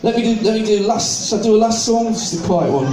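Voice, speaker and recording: An older man doing stand-up comedy, chatting fast between slow, drawn-out comic song lines. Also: high voice, expressive, dark tone. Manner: chatty, singing in a slow drawl, quick asides. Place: live gig venue. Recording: echoey room from far off, music.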